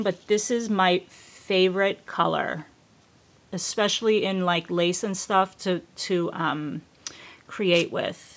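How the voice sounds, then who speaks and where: A woman's voice: medium pitch, slight background noise. A woman vlogger chatting casually to the camera at home, gushing and effusive and often trailing off mid-sentence. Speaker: craft vlogger unboxing gifts.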